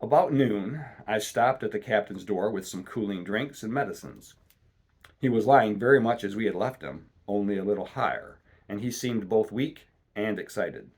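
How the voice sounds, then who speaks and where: Husky, low-voiced dad reading a storybook. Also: male voice, animated, normal speed, darkish tone. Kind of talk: storybook read-aloud narration.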